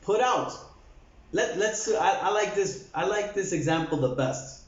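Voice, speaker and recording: Brief: male English teacher, slightly high voice, slow drills, echoey dull recording. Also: animated. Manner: slow, repeats words for drills. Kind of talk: English lesson for Spanish speakers. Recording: echoey, dull lo-fi room sound.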